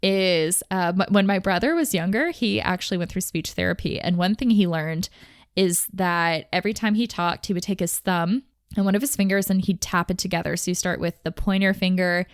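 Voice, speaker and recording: A young woman hosting a podcast, talking candidly and casually, often in quick bursts peppered with "like". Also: fairly low pitch, no room sound, clean studio sound. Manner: chatty, candid, fast bursts with frequent "like". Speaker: podcast host. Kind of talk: casual personal talk on mental health.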